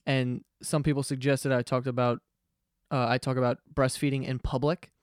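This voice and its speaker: A man's voice: mid-range voice, flat delivery, normal speed, clean tone, no room sound, studio quality. A young man, hosting a podcast as a profane, rambling comedic monologue. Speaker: podcast host.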